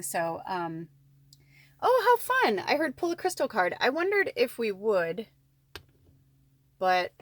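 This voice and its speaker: A woman giving a casual spiritual card reading at home. She rambles in a chatty way, full of asides and "like". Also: mid-range voice. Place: at home indoors.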